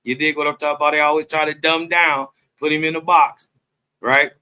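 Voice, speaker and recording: A man's voice: on the high side, little pitch movement, fairly quick, sharp tone, clear, resonant tone. A man, commenting on a debate clip in an emphatic, preachy way that keeps asking "right?". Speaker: host reacting to a clip.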